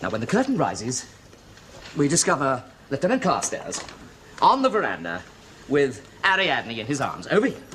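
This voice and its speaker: An actor playing a fussy, effusive amateur theatre director who stammers and repeats himself. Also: male voice, medium pitch, wildly swooping pitch, normal speed, fairly bright tone. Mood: gushing. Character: fussy, gushing male amateur stage director. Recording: noisy old television sitcom recording.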